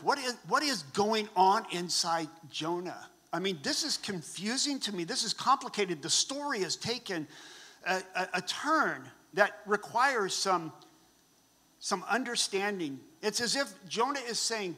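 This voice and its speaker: A man with a high, bright voice preaches slowly and thoughtfully to his congregation. His words ring out with a long reverb from a large hall. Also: expressive. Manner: reflective, unhurried preaching. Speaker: pastor. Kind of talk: sermon.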